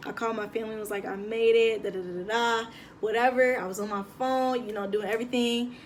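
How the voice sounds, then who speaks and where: A young woman, telling a lively story to her phone camera in a casual vlog. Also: fairly high pitch, fast, a little hiss or hum. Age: young adult. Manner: chatty, animated, slangy. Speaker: vlogger. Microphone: phone propped on a table.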